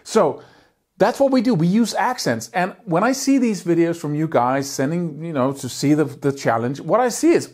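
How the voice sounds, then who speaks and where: A man's voice: on the high side, big pitch swings, normal speed, a little mellow. A man teaching guitar picking in a video lesson, talking energetically and emphatically and singing out rhythms with syllables.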